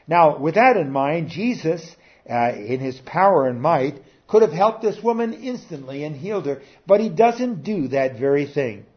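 A man preaching a sermon in an earnest manner, rising to emphatic peaks and dropping low. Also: sing-song, moderate pace, hardly any pauses. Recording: dull lo-fi recording.

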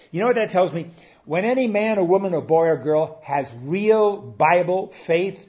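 An older man preaching a sermon as pastor, swinging between soft asides and loud emphatic bursts. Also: a little high. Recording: dull lo-fi sound.

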